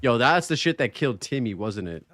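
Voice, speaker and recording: A man streaming a video game live, chatting casually with his viewers, excitable and swearing freely. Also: medium pitch, brisk, a little hiss or hum. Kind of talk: casual live-stream chat while gaming.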